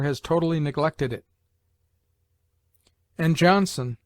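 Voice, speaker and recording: Guy reading old grammar rules out loud, real slow, slightly high voice. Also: no room sound. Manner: slow, measured recitation with pauses. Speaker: reader.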